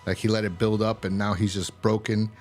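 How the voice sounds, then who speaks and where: A man's voice: fairly low pitch, little pitch movement, fairly quick, a little mellow, faint music behind. A man casually recapping a TV episode in a rambling way, with many fillers and restarts. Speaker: TV episode reviewer.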